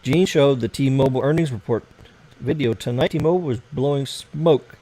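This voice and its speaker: A brisk, mellow mid-range voice, recorded roughly, belongs to an American man hosting a casual late-night livestream. He rambles and swears as he fiddles with his computer.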